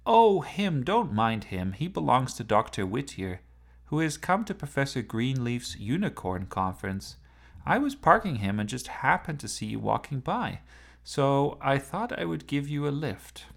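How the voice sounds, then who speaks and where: A man voicing a talkative, polite self-driving sports car with a precise, matter-of-fact manner, with a lively, gravelly voice. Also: medium pitch, a little slow, pitched above the performer's own voice. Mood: chatty.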